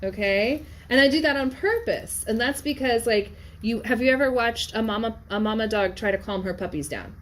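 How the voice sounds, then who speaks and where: A woman's voice: a little high, animated, normal speed, few pauses. A woman teaching in a classroom, lecturing in a conversational way and often checking in with her listeners. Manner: conversational, keeps checking in with "yes?" and "okay?". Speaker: Latin teacher.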